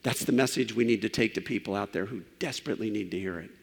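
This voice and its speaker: A man's voice: fairly low pitch, fast, creaky, in a large hall. A man preaching as pastor, telling a story and then closing in earnest prayer to a church. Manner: earnest, trailing off softly in prayer. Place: church sanctuary.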